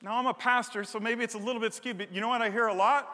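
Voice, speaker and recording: A middle-aged man preaching a sermon as a pastor, animated and joking, building to emphatic repeated lines on a stage microphone. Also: extremely high pitch, fast. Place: large church hall. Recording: long hall reverb.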